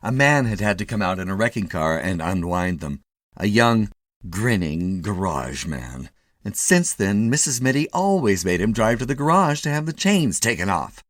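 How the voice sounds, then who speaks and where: Animated low-voiced male story reader. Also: moderate pace, no echo, clean studio sound. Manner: expressive, animated reading. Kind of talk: scripted story narration.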